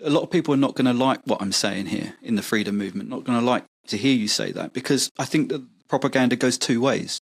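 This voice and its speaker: A man's voice: medium pitch, quick pace, vocal fry, hardly any pauses, breathy edge, no echo. Earnest man making his case, dry sound. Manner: earnest and persuasive, with stumbles and repeated words. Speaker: podcast guest and campaigner. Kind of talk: casual podcast conversation.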